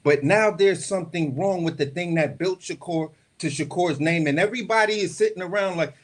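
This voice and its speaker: A man with a slightly raised pitch rants heatedly on a casual panel, swearing freely and hammering home each point. His talk is loud and insistent. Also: a little fast, few pauses. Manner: heated, profane ranting.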